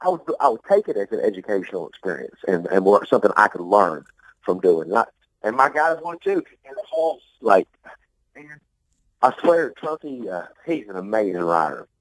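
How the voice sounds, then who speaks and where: A man's voice: lowish voice, very animated, moderate pace, rough recording. A man being interviewed about his music, talking in a loose, rambling, profane way, often repeating himself and laughing. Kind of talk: casual interview talk.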